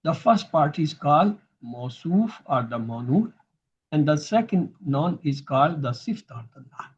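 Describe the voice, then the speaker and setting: A man's voice: a little high, expressive, unhurried, breathy edge, lo-fi sound. A man teaching grammar in a recorded lesson, patiently repeating each term so students can drill it.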